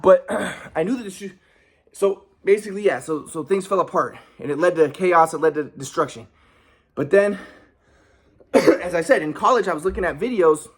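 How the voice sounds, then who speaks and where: A man's voice: sits high, lively intonation, normal speed, breathy edge. A young man telling a personal story in a rambling, aggrieved way, with many restarts and repetitions. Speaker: vlogger.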